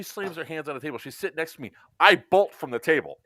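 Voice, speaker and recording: A man co-hosting a casual podcast, telling stories in an animated way and acting out quotes. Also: on the high side, fast talker, no echo. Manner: animated storyteller, acts out quotes. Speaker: co-host. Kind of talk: casual podcast chat, storytelling.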